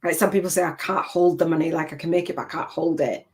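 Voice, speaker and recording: A woman's voice: low voice, steady tone, fast talker, darkish tone. An older woman from the United Kingdom, a spiritual business coach giving a live masterclass talk in an emotional, rambling and heartfelt way, with restarts.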